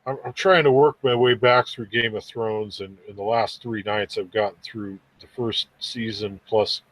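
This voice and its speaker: A man's voice: on the low side, steady tone, moderate pace, fairly bright tone, no echo. A man hosting a casual podcast chat, rambling easily through stories with stammers and restarts.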